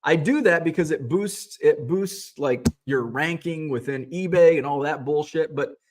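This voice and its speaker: A middle-aged man with a fairly high voice hosts a relaxed livestream, chatting with viewers about selling cards. He rants in a sarcastic, profane way and rambles, restarting his sentences as he goes. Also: a little slow. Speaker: host of a sports card selling livestream. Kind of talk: casual livestream chat, reading viewer comments.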